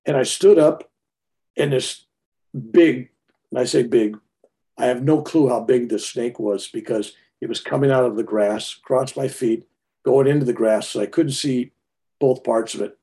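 Older man, mellow storyteller. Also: medium pitch, moderate pace. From United States. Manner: rambling, animated, with frequent restarts. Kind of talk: personal storytelling.

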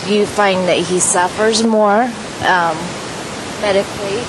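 A woman putting a hesitant question to the speaker, pausing with many fillers. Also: medium pitch, steady tone, background noise. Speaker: interviewer asking a question.

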